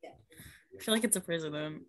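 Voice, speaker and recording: A woman's voice: low voice, brisk. Playful woman chatting and laughing. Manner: playful, laughs often, self-deprecating. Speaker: interview guest, actress. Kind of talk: casual chat, improvised impressions.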